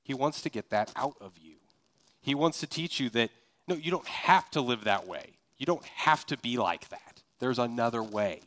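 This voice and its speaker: A man from Kansas preaches a sermon in a relaxed, conversational way. He talks to the congregation as if chatting with them and keeps asking rhetorical questions. His voice sits at an ordinary middle pitch. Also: moderate pace. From Kansas, USA. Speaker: pastor.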